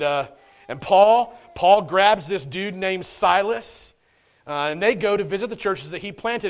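Animated, conversational male preacher. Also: high-pitched. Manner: animated and conversational, with casual slang. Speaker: pastor. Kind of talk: sermon. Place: church.

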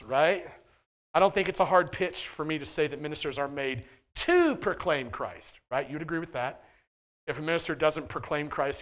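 A man preaching a sermon as pastor of a church, talking in a casual, conversational way and often checking in with the congregation. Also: on the high side. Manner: swings between quiet asides and loud emphatic points. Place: church sanctuary.

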